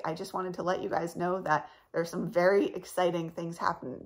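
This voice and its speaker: Lady vlogger talking to camera, kinda low voice, rambles and laughs a lot. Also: vocal fry. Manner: chatty, rambling, laughs often. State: voice cracking in the morning. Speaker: channel host. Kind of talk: casual chat to camera.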